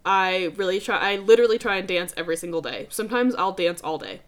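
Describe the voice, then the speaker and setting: This young adult podcast host speaks quickly in a medium-pitched voice. Her motivational talk is casual and emphatic, full of swearing, and she addresses listeners as dude.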